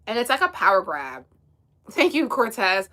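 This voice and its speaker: A woman's voice: medium pitch, very animated, moderate pace, pushed and bright. A young woman from the US East Coast hosting a casual livestream, chatting and giggling as she reads viewer comments aloud. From United States, East Coast. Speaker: livestream host.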